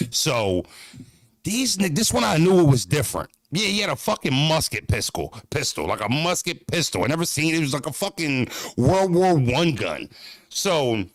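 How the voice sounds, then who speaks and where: An American man tells a story on his channel, his pitch swinging up and down as he talks. His delivery is streetwise and full of cursing, and the sound is dry and close with no room echo. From United States. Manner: animated, profane, streetwise storytelling. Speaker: vlogger. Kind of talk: casual storytelling vlog.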